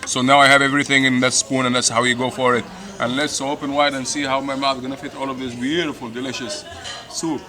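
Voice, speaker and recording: A middle-aged man eating and reviewing a meal, effusive and a little hoarse from hot pepper. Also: mid-range voice, level tone, quick pace. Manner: enthusiastic, repeats "delicious" and "beautiful". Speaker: food vlogger. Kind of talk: casual food review while eating. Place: busy restaurant, indoors. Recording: noisy restaurant with crowd chatter. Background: crowd chatter.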